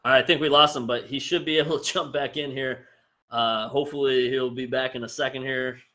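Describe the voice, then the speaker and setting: A man hosting a casual interview, telling stories in a lively way and laughing often. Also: medium pitch, a little fast, rough recording. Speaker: host.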